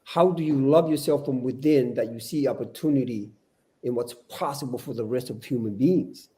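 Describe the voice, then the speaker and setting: A man's voice: mid-range voice, moderate pace, warm tone. An older man speaking as a podcast guest, earnest and preachy, often repeating his words as he talks. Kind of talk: casual podcast discussion.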